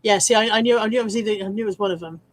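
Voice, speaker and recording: Hosting a casual live stream, a middle-aged woman goes through viewer comments in a cheeky, chatty way, laughing a lot and swearing occasionally. Her mid-range voice runs very fast, with no room sound at all.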